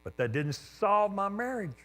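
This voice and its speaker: A man preaching a sermon, telling a personal story with lively jumps in pitch and sudden quiet drops. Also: measured pace, soft background music. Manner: animated storyteller, voice jumping up with excitement then dropping low.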